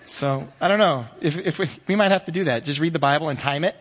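A man preaching a sermon with energy, rising loud and high when animated. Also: fast talker, big-room sound. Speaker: pastor.

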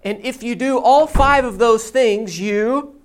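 A pastor preaching a sermon, telling a story and teaching in a deliberate storytelling manner. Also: mid-range voice, faint music behind.

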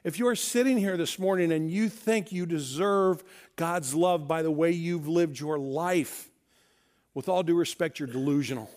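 A man from Missouri preaches a sermon in a fairly high voice. He makes emphatic points and acts out the dialogue of the people in his stories. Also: moderate pace, darkish tone. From Missouri, USA. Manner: storytelling with acted-out dialogue, emphatic. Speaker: pastor.

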